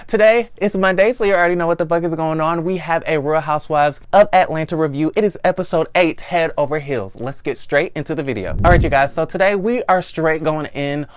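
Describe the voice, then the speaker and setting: A man's voice: fairly high pitch, a little fast, hardly any pauses, smooth. A young man hosting his own vlog, recapping a reality TV show in a sassy, blunt, profane chat. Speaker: vlog host.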